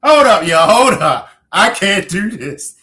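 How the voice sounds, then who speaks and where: A man's voice: high-pitched, very animated, slow, sharp tone. A man streaming live, reacting to a clip, who keeps laughing, exclaiming and breaking off mid-sentence.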